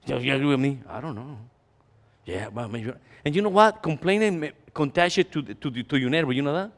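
Lively high-voiced preacher in a church hall. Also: male voice, a little fast. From Latin America. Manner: animated, jokey, acts out complainers, mixes in Spanish. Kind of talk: sermon.

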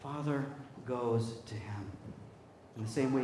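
A man preaching a sermon in an animated, conversational way, swinging between loud bursts and quiet asides and checking in with his listeners. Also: mid-range voice, measured pace, echoey room, noisy background. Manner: conversational, checks in with "right?" and "okay?". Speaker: pastor.

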